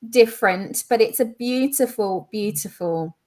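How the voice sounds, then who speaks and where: A woman's voice: fairly high pitch, measured pace, a little mellow. A woman co-hosting a live online quiz, explaining in a chatty way with lots of "you know" and "sort of". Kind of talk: casual live-stream chat.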